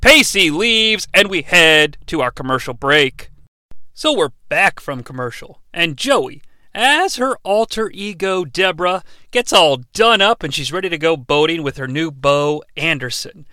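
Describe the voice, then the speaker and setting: A man's voice: on the high side, animated, measured pace, sharp tone, dry recording. A man hosting a podcast, recapping an episode with sarcastic, profane asides. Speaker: podcast host.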